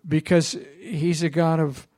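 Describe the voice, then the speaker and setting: A man's voice: a little high, flat delivery, unhurried, a little mellow. A man preaching a sermon as pastor, telling a story in a conversational way and asking the congregation questions.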